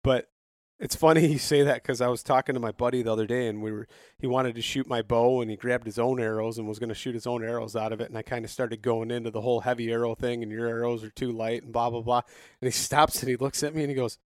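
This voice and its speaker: A man's voice: mid-range voice, steady tone, quick pace, a little mellow, no room sound. Guy hosting a hunting podcast, chatty storyteller, laughs a lot, dry sound. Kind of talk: casual chat.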